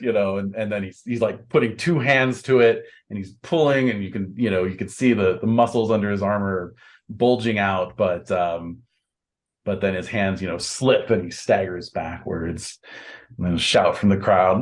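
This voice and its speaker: A man narrating a tabletop game as game master, describing scenes at length with many fillers and pauses. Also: lowish voice. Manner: descriptive, halting with fillers, acts out voices.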